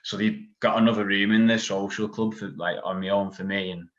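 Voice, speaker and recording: A man's voice: lowish voice, fairly even intonation, fairly quick, a bit bright, soft background music. A man, a podcast guest telling a long story in casual chat, full of "like" and asides. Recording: dull lo-fi sound.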